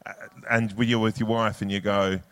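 A man's voice: fairly low pitch, brisk, clear, resonant tone. A married man on a live podcast, bantering and cracking jokes, who swears casually. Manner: animated, jokey, swears casually. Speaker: podcast co-host.

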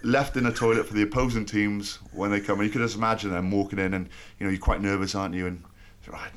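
A man with a low voice co-hosts a podcast in relaxed, joking chat. He often ends his points with rhetorical questions like "didn't we?". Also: fast. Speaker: podcast co-host, former rugby player. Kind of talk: casual chat.

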